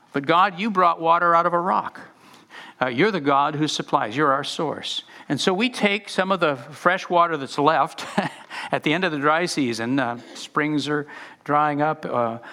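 Male pastor, gravelly and bright, animated sermon delivery with restarts. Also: on the high side, unhurried. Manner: animated, many restarts and repeated words.

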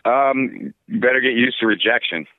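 A sports broadcaster answering interview questions in a relaxed, rambling way with lots of fillers. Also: male voice, mid-range voice, moderate pace, no echo. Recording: tinny phone-like line.

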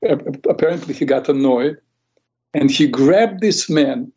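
A man's voice: fairly high pitch, measured pace, breathy edge. A man telling stories to make a point in casual talk, acting out the voices of the people in them. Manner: animated storyteller who acts out quoted voices. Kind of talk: conversational teaching with stories. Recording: dull lo-fi recording.

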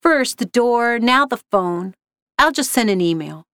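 A woman's voice: fairly high pitch, lively intonation, unhurried, a bit bright, clean tone, no room sound, studio quality. A woman voicing a fretful, moaning male office worker in a spoken story. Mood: flustered.

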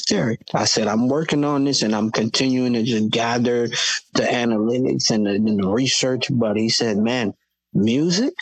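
A man's voice: medium pitch, husky, dry recording, low-quality recording. A man from Florida, a guest on a podcast, tells his stories with animation and acts out the people he quotes. His voice sits in the middle of the usual range. The sound is close and dry, with no room around it. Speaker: guest, Christian hip hop artist. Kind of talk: casual podcast conversation.

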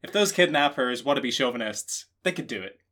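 A man co-hosting a comedy podcast, riffing in casual banter with deadpan sarcasm. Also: mid-range voice, a little fast. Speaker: podcast co-host.

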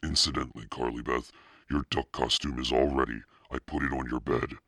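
An energetic, insistent mother who talks briskly, as a man voices her in his own very low, gravelly register. The sound is close and dry, with no room behind it. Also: no room sound, exaggerated voice. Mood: bright. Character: energetic, fast-talking artist mother.

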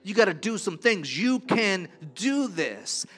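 A man preaching a sermon, emphatic and repetitive, moving between soft, low passages and loud, rising declarations. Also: very animated, slow, faint music behind.

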